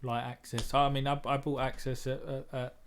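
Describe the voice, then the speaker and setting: A man's voice: mid-range voice, flat delivery, moderate pace, slight background noise. A man, a trader and moderator, talking bluntly in a casual group discussion, often repeating words as he thinks.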